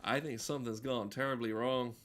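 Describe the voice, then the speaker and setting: A man's voice: mid-range voice, fairly even intonation, brisk, fairly bright tone. A man giving comedic let's-play commentary, rambling with absurd jokes and asides as he plays. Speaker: gameplay commentator.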